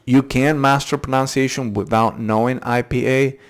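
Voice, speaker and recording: A man hosting a casual, unscripted pronunciation lesson, repeating tricky words slowly syllable by syllable and thinking aloud as he goes. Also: mid-range voice, steady tone, clean tone. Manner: thinks aloud with fillers and restarts. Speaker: English pronunciation channel host.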